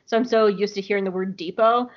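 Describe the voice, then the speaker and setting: Animated, cursing woman podcaster from the South. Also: medium pitch, fast talker. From American South. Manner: animated, swears freely, laughs often. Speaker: podcast co-host. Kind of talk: casual chat. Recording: lo-fi audio.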